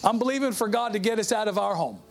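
Middle-aged male pastor with a high voice, preaching a conversational testimony sermon. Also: lively intonation, fast, gravelly. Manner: conversational, calls out to the congregation.

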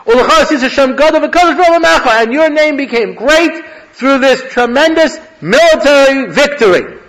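A man's voice: very high voice, lively intonation, normal speed, a bit bright, rough recording. A man, a rabbi, giving a conversational Torah class, mixing Hebrew phrases into his teaching. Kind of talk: lecture-style Torah class.

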